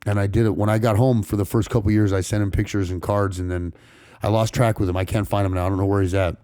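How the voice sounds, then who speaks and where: A man from California's San Fernando Valley, a podcast guest telling a personal story in rapid, profane street talk full of restarts. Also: on the low side, steady tone, mellow, clean tone, no room sound, studio quality. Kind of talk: casual storytelling interview.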